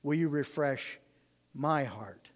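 A man gives an earnest Bible study sermon, explaining scripture and leaning on key words. His voice sits a little high. A long reverb from a large hall trails each phrase. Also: takes it slowly. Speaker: Bible teacher.

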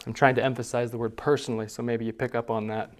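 A man's voice: medium pitch, flat delivery, fast talker. Man teaching a class, quizzing students. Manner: conversational, quizzes the class with questions.

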